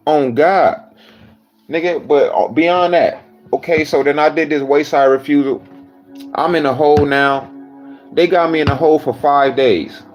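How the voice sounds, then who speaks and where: Man, blunt storyteller, heavy swearing, slightly high voice, faint music bed. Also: normal speed, highs cut off. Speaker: storyteller recounting jail time. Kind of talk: casual profane storytelling.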